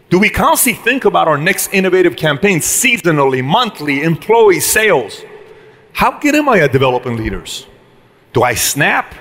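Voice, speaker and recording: A man's voice: fairly high pitch, a bit bright. A middle-aged man giving an emphatic motivational business talk to a live audience, acting out short dialogues. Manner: punchy, emphatic, acts out quick dialogue. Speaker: speaker addressing a business audience. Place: event hall with a live audience.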